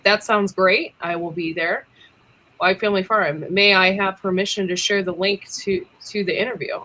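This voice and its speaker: A chatty woman hosting a casual livestream, giggling often and leaning on ums between thoughts. Her voice is bright and forward, sitting in an ordinary middle pitch. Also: steady tone, normal speed. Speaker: livestream co-host.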